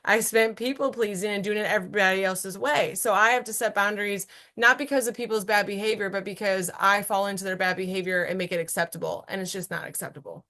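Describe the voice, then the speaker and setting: A woman's voice: mid-range voice, steady tone, fast talker, hardly any pauses, bright, forceful tone. A woman in her thirties, a guest on an interview podcast, talking earnestly and animatedly, often checking in with "right?". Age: 30s. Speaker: guest entrepreneur. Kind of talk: casual interview chat.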